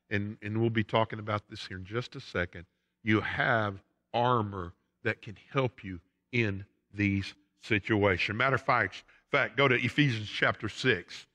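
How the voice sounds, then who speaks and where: Emphatic Southern pastor in a reverberant church. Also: male voice, lowish voice, sharp tone. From United States. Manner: emphatic preaching with rising and falling intensity. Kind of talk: sermon. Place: church sanctuary. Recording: long church hall reverb.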